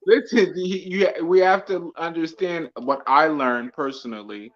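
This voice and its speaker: A man with a somewhat high voice talks in a lively, casual way, and his retellings get excited. The audio is dull and lo-fi, like a cheap mic. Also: a little slow. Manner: animated, bursts into exclaimed retellings. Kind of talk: casual chat.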